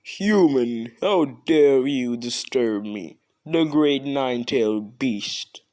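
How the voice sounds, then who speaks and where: A giant nine-tailed fox beast, haughty and imperious, talking slowly, as a man voices him in a fan story. The delivery is loud and proud. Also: mid-range voice, close to an everyday voice.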